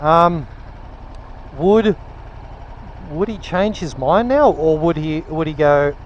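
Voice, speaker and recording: High-voiced man riding in traffic. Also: expressive, a little slow, muffled recording. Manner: rambling, wry, self-interrupting, acts out imagined dialogue. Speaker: motovlogger. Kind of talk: casual ranting monologue while riding. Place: on a motorbike in city traffic. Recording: wind and traffic noise outdoors.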